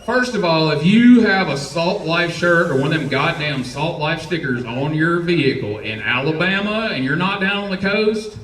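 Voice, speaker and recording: A man's voice: on the high side, expressive, normal speed, few pauses, a bit bright, recorded from a distance, slight background noise. A man in his forties with a Southern US accent doing a profane, rambling, self-mocking stand-up set on a comedy club stage. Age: 40s. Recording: roomy club sound from off-mic.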